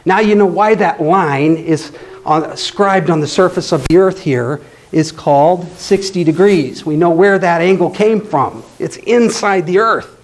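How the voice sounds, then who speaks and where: Male lecturer, slightly raised pitch, playful and chatty, keeps checking in with the room. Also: a little slow. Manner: playful, often checks in with the audience. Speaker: astronomy club speaker. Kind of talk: live classroom-style lecture.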